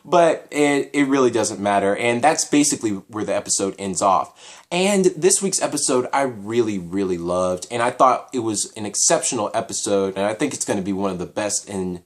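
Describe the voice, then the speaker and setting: A man giving a casual solo anime episode review, talking in an animated, repetitive way as he thinks aloud. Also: on the low side, normal speed.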